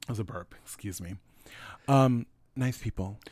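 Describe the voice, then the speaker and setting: A man co-hosting a podcast in casual chat, animated and profane, sometimes jumping up into mock voices. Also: fairly low pitch, normal speed, dry recording.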